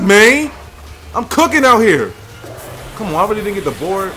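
Young male gamer, very high voice, bright and sharp, profane trash talk over faint game music. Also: very animated, moderate pace. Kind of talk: live gameplay commentary.

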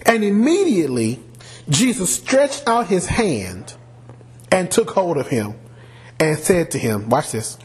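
A male pastor preaching a sermon, animated, often asking the congregation questions. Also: sits high, a little slow. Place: church sanctuary.

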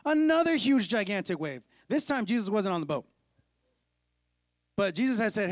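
Guy pastor, high voice, casual storytelling sermon, dry sound. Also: very animated, normal speed, long pauses, no echo. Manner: playful storytelling, casual slang. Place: church.

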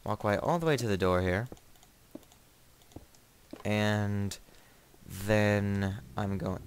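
Young male gamer, slightly low voice, rambling joking commentary, startles easily. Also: slow pace, long pauses, a little hiss or hum. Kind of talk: casual let's play commentary.

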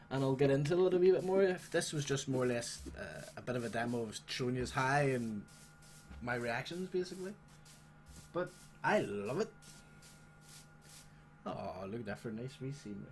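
A man hosting a gaming channel, chatting casually and swearing excitedly as he plays a game. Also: mid-range voice, normal speed. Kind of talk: casual gameplay commentary.

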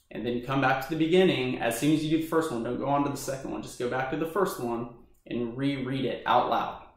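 A man giving earnest, encouraging advice straight to his viewers in a casual vlog. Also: mid-range voice. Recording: very echoey room.

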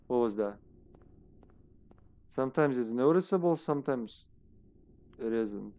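A man's voice: medium pitch, lively intonation, a little slow, pauses often. Man muttering through a game stream. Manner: muttering to himself, trailing off quietly. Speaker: streamer playing a horror game. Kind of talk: casual gameplay commentary.

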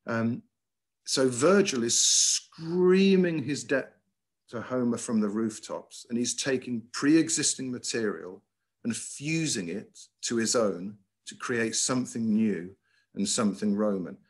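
A middle-aged man, a headmaster giving a lively, emphatic lecture over a video call, with frequent ums and uhs. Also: fairly low pitch, a little slow. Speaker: school headmaster giving a talk. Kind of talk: lecture with slides.

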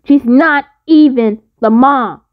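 A woman acts out an indignant mother in a homemade roleplay movie, high-pitched and slow-spoken as she scolds. The recording is dull and lo-fi, with faint music underneath. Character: angry protective mother, stern and indignant. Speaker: voice actor.

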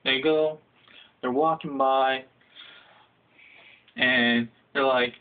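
A man's voice: fairly even intonation, extremely slow, pauses often. Profane young man ranting over a tinny line. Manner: profane, acts out quotes in a high shouting voice. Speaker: comedic storyteller. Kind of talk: casual comedic rant. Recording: phone-like lo-fi audio.

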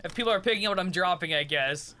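A man's voice: high-pitched, fast, pushed and bright, slight background noise. A man chatting as the guest on a casual let's-play, giggling a lot and giving gameplay hints. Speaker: co-op gaming guest.

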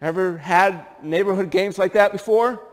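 A man's voice: high-pitched, normal speed. A middle-aged man from upstate New York preaching a sermon, telling stories and firing rhetorical questions at the congregation. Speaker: pastor. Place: church sanctuary. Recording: long church hall reverb.

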